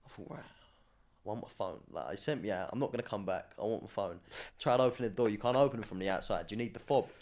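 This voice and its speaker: A man's voice: lowish voice, fast. Slangy young man telling stories. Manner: animated, slangy, cheeky storyteller. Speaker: podcast guest, former academy footballer. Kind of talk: casual storytelling chat.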